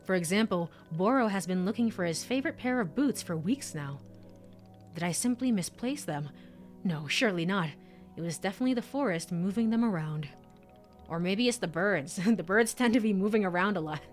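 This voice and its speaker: A woman voicing a gentle, polite male tea shop keeper from a game, speaking formally and soothingly. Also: medium pitch, expressive, a little fast, faint music behind, lightly acted. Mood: explaining. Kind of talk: reading game dialogue aloud.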